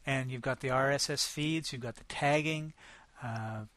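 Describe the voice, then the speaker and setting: A man's voice: mid-range voice, steady tone, moderate pace, a bit bright, no echo. Upbeat male podcast co-host, dry sound. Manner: friendly, upbeat interviewer with fillers. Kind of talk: casual podcast chat.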